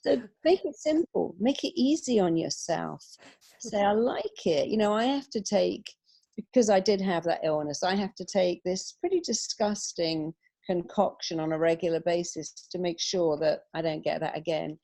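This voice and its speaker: A middle-aged woman being interviewed on a radio show, giving upbeat advice and acting out quick quoted asides. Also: lowish voice, creaky. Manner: animated, upbeat, quotes herself in little acted asides. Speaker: guest, hypnotherapist.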